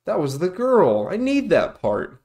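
Male reaction youtuber, sarcastic and profane, slightly high voice, echoey room, music bed. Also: huge pitch swings, a little slow, a little mellow. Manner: sarcastic, profane, mock-hyped rants. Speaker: commentary youtuber. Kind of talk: comedic reaction commentary.

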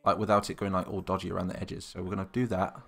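A man's voice: low-pitched, little pitch movement, racing, fairly bright tone. A young British man live-streaming, chatting casually and thinking aloud while answering viewers' comments. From Britain.

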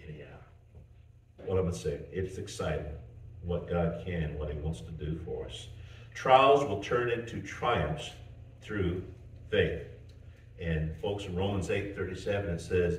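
Folksy low-voiced preacher in a roomy church. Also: male voice, a little slow. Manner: folksy, animated storytelling with chuckles and restarts. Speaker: pastor. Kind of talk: sermon. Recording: roomy church, mic at a distance.

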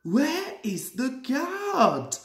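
An impatient little tank engine that snaps orders in a brisk, bossy voice, put on by a young man in his twenties. His voice swoops up and down with a gravelly edge, in a roomy, echoing room. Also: extremely high pitch, big pitch swings, darkish tone, slight background noise, voice pushed up, full character voice. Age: 20s.

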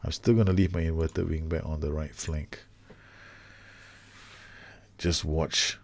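A low, gravelly-voiced man talks through a football management game as he plays it. He is loud and exasperated about his side. His voice has a rough creak, and he swings from muttering to outbursts. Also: slow. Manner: animated, exasperated, groans at his own team. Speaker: gaming YouTuber. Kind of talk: game commentary.

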